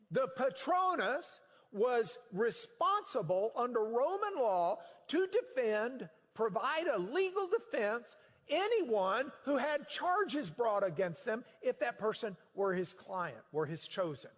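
A man teaching scripture in a sermon, explaining with emphatic, animated delivery. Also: high voice, big-room sound. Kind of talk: sermon-style Bible teaching.

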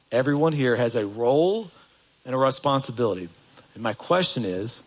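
A man preaching a sermon in a conversational way, putting questions to the congregation. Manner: animated, jumps up in pitch for emphasis. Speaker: pastor.

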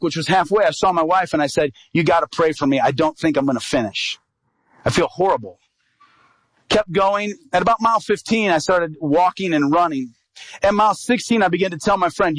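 Animated male evangelist telling a story. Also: no echo, low-quality recording. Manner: animated storyteller, acts out quoted dialogue, rises in pitch at climaxes. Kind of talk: sermon storytelling.

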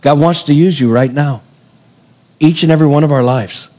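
A man preaching a sermon, retelling scripture with animated storytelling and acting out the characters' lines. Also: on the high side, normal speed. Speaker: pastor. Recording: long hall reverb.

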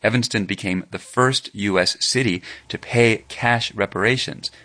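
Low-voiced male radio news reporter. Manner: measured, even storytelling delivery. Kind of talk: scripted news narration.

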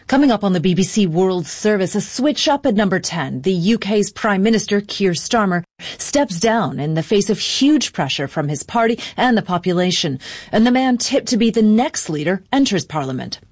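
A woman presenting the news headlines in a brisk, measured newsreading manner. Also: medium pitch, expressive, a little mellow, husky, no room sound, studio quality.

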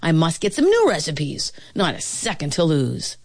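A woman voicing a fretful male royal cook who exclaims in a raised, excited voice. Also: low voice, moderate pace, full character voice. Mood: frantic.

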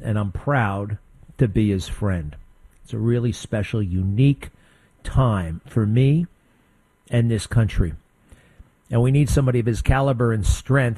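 A man's voice: medium pitch, a little mellow, no echo. A man hosts a talk radio show into a studio mic and argues his point in a blunt, combative monologue. He rambles and restarts mid-sentence. The studio sound is very dry.

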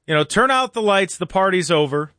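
A talk radio host chatting through his morning rundown, loose and quick to laugh. His voice sits a touch high for a man. The studio sound is dry and close. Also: expressive, sharp tone, dry recording.

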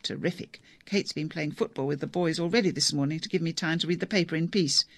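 A narrator voicing a man who speaks gently and affectionately to his wife over the phone. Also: a little high, quick pace, no echo. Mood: gentle. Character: gentle, reassuring husband.

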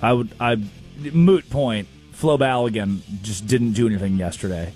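A man's voice: medium pitch, moderate pace, faint music behind. A man hosting a comedic sports talk show, telling stories and mimicking people. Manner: storytelling, mimics people in quotes, animated. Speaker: radio show host.

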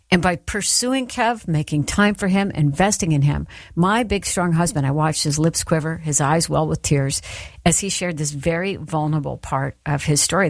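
A middle-aged woman giving an earnest, encouraging devotional talk to her listeners, with soft emphatic pauses. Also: low-pitched, dry recording, studio quality. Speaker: Christian speaker.

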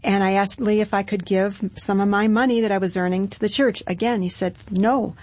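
An earnest middle-aged woman tells her story in an interview at an even pace. Her voice sits close and dry, with no room sound around it. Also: medium pitch, brisk, no room sound. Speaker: guest, wife telling her conversion story.

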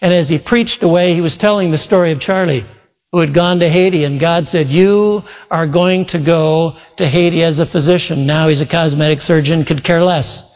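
A male pastor with a fairly high voice preaches a sermon, retelling a story packed with quoted speech as his pace moves between slow and quick. The recording carries a long hall reverb.

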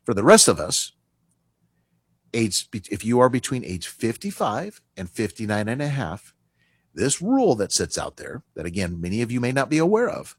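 Animated male radio finance host. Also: medium pitch, normal speed, husky, no room sound, clean studio sound. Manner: animated, emphatic, conversational. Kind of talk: radio talk show monologue. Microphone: studio microphone.

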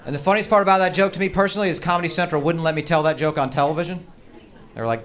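A man doing a stand-up comedy routine on stage, ranting in a profane, exaggerated way with sudden shouted outbursts. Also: a little high, racing. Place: comedy stage before a live audience.

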